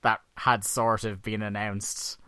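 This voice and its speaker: A man hosts a casual podcast with a lowish, bright and forceful voice. He jokes and laughs as he goes, recorded close and dry with no room sound. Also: level tone, slow pace, clear, resonant tone, dry recording. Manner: joking, laughs often. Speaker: podcast host.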